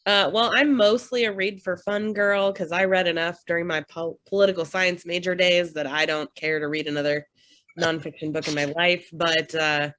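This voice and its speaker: A woman's voice: fairly low pitch, steady tone, normal speed, fairly bright tone, no echo. Friendly woman guest, dry close sound. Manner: friendly, storytelling. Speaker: podcast guest, association director. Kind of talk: casual podcast chat.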